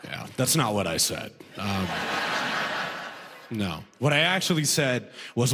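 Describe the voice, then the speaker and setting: Animated young man doing stand-up. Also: mid-range voice, normal speed, a little hiss or hum. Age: young adult. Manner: animated, rhetorical asides. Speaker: stand-up comedian. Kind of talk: stand-up storytelling. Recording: long hall reverb.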